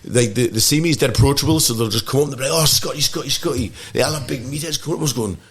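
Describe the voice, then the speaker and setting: A man's voice: medium pitch, rapid-fire. A man in his thirties with a Geordie accent, rambling through funny stories as a podcast guest and laughing often. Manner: rambling, laughing, lots of "like" and "mate". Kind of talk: casual storytelling. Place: podcast studio. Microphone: studio microphone.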